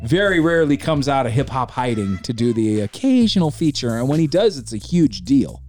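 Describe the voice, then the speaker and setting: A man's voice: medium pitch, fairly quick. Guy on a podcast, rambling and hyped, swears a lot, faint music behind. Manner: excited, rambling, swears freely. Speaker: podcast host. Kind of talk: casual chat about hip hop.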